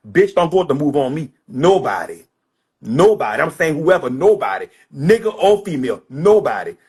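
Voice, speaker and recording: Husky-voiced man in a heated rant. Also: fairly high pitch. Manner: repetitive, blunt, profane. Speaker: social media personality.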